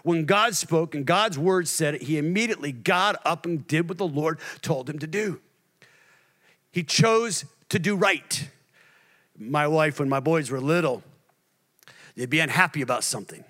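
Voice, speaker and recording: A male pastor preaching a sermon, moving between hushed near-whispers and loud, shouted passages. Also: fairly high pitch, moderate pace.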